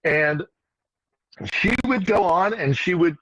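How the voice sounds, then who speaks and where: A man's voice: high-pitched, takes it slowly, fairly bright tone, dry recording, muffled recording. A man giving casual political commentary on a live stream, rambling with restarts and asides. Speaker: regular guest commentator. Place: in Ukraine.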